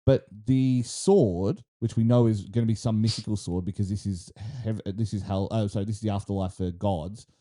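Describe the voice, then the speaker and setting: Mellow-voiced Australian man, rambling. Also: fairly low pitch, fairly even intonation, moderate pace, few pauses. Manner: rambling, swears freely, many restarts. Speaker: podcast co-host. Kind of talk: casual chat.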